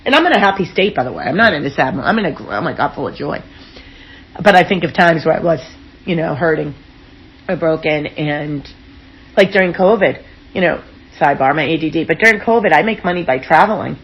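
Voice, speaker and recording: A woman speaking as an interview guest, telling personal stories in a frank, expressive way with casual swearing. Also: low voice, a little fast, dull audio. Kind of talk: candid personal storytelling in an interview.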